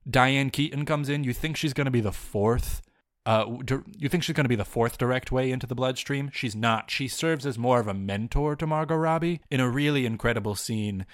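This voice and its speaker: A man hosting a comedy podcast, rambling deadpan through a made-up film recap and breaking into mock-angry rants. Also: mid-range voice, a little fast, hardly any pauses, dry recording, clean studio sound.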